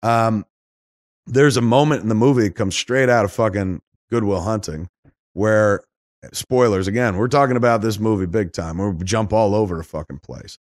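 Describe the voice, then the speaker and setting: A middle-aged man hosting a podcast, talking in a rambling, animated way and swearing often. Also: fairly low pitch, moderate pace, dry recording, clean studio sound. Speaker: podcast host. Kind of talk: casual chat.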